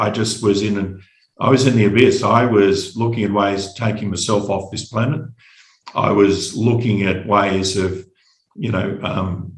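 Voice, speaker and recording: A middle-aged Australian man telling his personal story as a podcast guest, halting and reflective, often repeating words. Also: fairly low pitch, roomy sound, rough recording.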